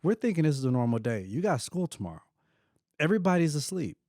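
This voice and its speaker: A middle-aged man hosting a podcast, telling a personal story in an animated way and acting out quoted voices. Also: a little high, fast talker, no room sound, clean studio sound. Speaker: host.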